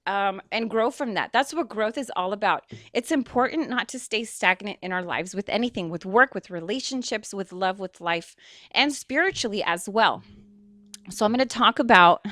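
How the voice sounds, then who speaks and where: A woman's voice: medium pitch, a bit bright, no room sound, clean studio sound. A young woman hosting an internet radio talk show, rambling and emotional, laughing often.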